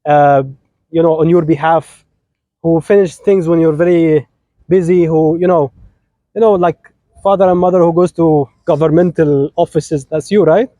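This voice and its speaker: A man with an Egyptian accent gives an informal, joking wedding sermon. His voice sits high for a man and has a dark, mellow tone. The sound is dry, with no room echo, and he keeps checking in with "right?". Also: steady tone, normal speed. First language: Arabic. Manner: chatty, teasing, keeps asking "right?". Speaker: officiant giving a wedding talk.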